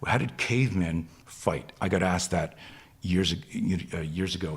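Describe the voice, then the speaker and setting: A man with a very deep, husky voice tells a gripping story as a podcast guest. He talks with intensity and swears freely, slipping into the voices of the people in his tale. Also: moderate pace. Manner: intense, profane, acts out quoted dialogue. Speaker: guest, self-defense instructor.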